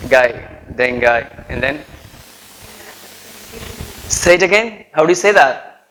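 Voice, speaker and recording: A man's voice: sits high, lively intonation, slow pace, sharp tone, a little hiss or hum, rough recording. A man with an Indian English accent giving a pronunciation lesson to students, repeating words with heavy stress and checking in with "right?". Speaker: lecturer. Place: college lecture.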